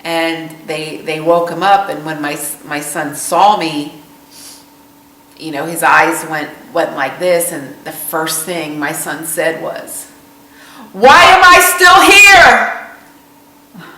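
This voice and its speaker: A middle-aged woman, a veteran's mother, telling her story in a documentary interview in a somber, halting way. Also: low-pitched, fairly even intonation, a bit bright, reverberant, distant mic, rough recording.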